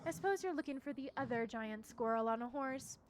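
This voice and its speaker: A woman's voice: a little high, lively intonation, a little fast, noisy background, close to an everyday voice. A woman voicing a stern, hostile squirrel warrior guarding its land, with game music behind. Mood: scornful. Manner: haughty, accusing.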